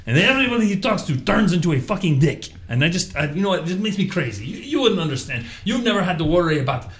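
A man's voice: high-pitched, fast, reverberant. A man playing a hot-tempered, foul-mouthed immigrant car salesman in broken English, in improv comedy. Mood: ranting. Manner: swearing, excitable, broken English.

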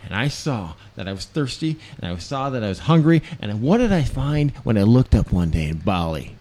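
A man playing a gruff adult man who gives a rambling pep talk, in an improvised comedy sketch. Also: medium pitch, very animated, brisk, warm tone, natural voice. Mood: rousing. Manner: rambling, gravelly, theatrical.

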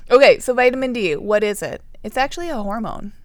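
A woman's voice: a little high, lively intonation, fast talker, a little hiss or hum. A woman co-hosting a casual podcast, explaining nutrition topics and laughing often.

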